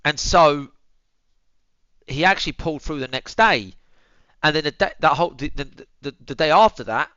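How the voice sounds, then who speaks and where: A man's voice: a little high, moderate pace, pushed and bright, dry recording, highs cut off. Swearing guy telling a story. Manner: swears freely, addresses viewers as boys and bro; tends his dog while talking, drops to mutters. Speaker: streamer. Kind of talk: casual storytelling.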